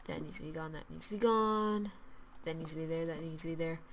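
A woman casually commenting as she builds in a video game, mostly muttering to herself, repeating words, and growing loud and cheery when she signs off. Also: deep voice, fairly quick, a little hiss or hum. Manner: mutters quietly while building, then loud and upbeat when signing off; repeats words and restarts phrases. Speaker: gaming channel host.

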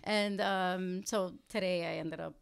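A woman's voice: on the low side, steady tone, measured pace, vocal fry, smooth. Chatty woman podcast guest, laughing often. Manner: laughs often, acts out quotes. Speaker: podcast guest, spa owner. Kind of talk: casual podcast chat.

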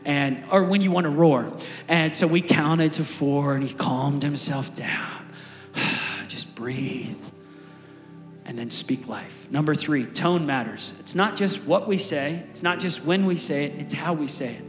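High-voiced pastor preaching in an echoing hall. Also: male voice, normal speed, faint music behind. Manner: conversational, energetic preaching with asides to the congregation. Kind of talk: sermon. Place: large church auditorium.

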